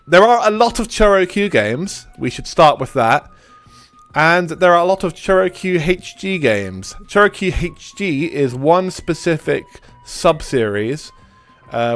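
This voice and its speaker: Hoarse, stuffy man chatting on stream. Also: a little high. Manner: rambling, with restarts, swearing and laughs. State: stuffy nose after a cold. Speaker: live streamer hosting a retro game stream. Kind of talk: casual live-stream chat.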